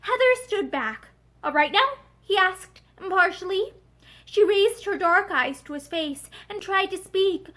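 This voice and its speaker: A woman reading a novel aloud in an expressive, measured way. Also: extremely high pitch. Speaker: audiobook reader. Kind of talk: scripted narration.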